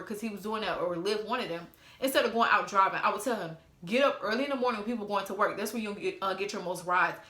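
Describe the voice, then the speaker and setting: A woman's voice: medium pitch, sharp tone, reverberant. A young woman in a casual storytime vlog, bluntly and profanely reading out old text messages. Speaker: storytime vlogger.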